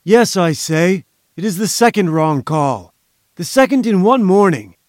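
A man's voice: high voice, expressive, normal speed, no echo, clean studio sound, voice pushed up. A man voicing an irascible, pompous bearded professor who blusters with haughty indignation in an audiobook. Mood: outraged. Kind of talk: audiobook character voice.

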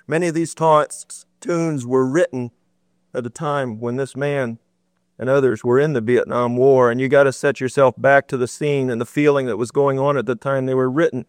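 A man with a smooth, clear voice makes an earnest, explanatory comment from the audience of a public debate. The sound is dry and close, with no room echo. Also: medium pitch, steady tone, moderate pace. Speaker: audience member.

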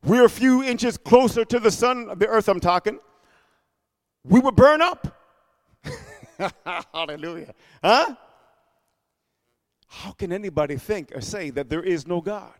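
A male preacher giving an emphatic sermon, calling out for amens and swinging between shouting and hushed asides. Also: high voice, animated, measured pace, long pauses, big-room sound.

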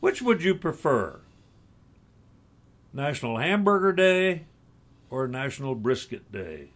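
A man running a local morning radio show, reading the forecast and chatting easily with his co-host. His pitch swings up and down a lot as he talks. He laughs easily and keeps things loose. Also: takes it slowly. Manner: relaxed, laughs easily, bantering. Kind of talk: weather forecast and casual chat.

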